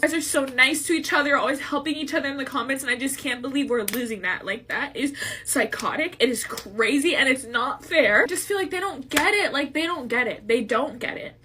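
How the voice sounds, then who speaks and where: A woman's voice: sits high, fairly quick, sharp tone, a little hiss or hum. A woman who is a social media creator, crying and laughing through tears in an emotional farewell vlog, often repeating herself.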